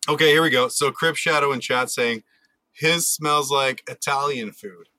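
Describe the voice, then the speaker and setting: A man's voice: mid-range voice, pushed and bright, no room sound. A man hosting a casual tabletop gaming podcast, joking around and reading out chat comments. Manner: joking, quick asides, lots of ums. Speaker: podcast host.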